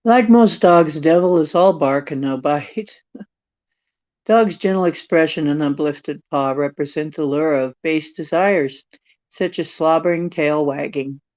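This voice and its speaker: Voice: medium pitch, unhurried, a little mellow. An older tarot reader on a livestream, reading card texts with rambling, joking asides. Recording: dry, dull lo-fi stream audio.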